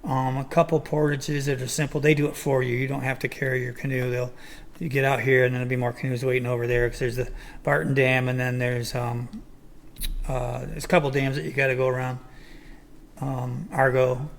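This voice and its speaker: A man's voice: medium pitch, little pitch movement, brisk, gravelly, slight background noise. An older man, hosting a casual chat show and rambling through his points with plenty of ums and restarts. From Michigan. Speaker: podcast host.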